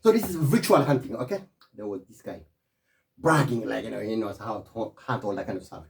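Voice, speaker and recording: Rambling, animated man. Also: on the low side, fairly quick, gravelly. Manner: animated, keeps saying "my friend", digressive. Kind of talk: rambling casual monologue.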